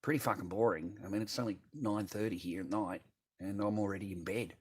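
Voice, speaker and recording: Husky Australian man rambling on stream. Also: on the low side, fairly quick. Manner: rambling, swearing, reading chat aloud. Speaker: live streamer. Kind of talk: casual live stream chat.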